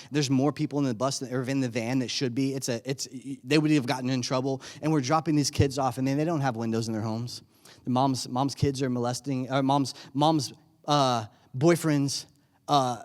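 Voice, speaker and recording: A man preaching a sermon, telling a lively personal story with lots of excitement and self-mocking humor and frequent restarts. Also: medium pitch. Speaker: youth pastor turned preacher. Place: church sanctuary.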